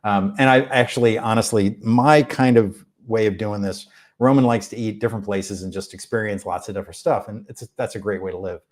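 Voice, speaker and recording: Low-voiced man rambling through a live stream. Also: brisk. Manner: rambling, relaxed, many fillers. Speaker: music channel host. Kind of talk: live stream chat answering questions. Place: rented room abroad.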